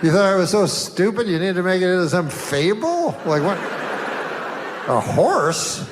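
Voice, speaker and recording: A man telling jokes in a rambling, deadpan way, full of "you know" asides, in stand-up and talk show anecdotes. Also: high-pitched, normal speed, background noise. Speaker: comedian.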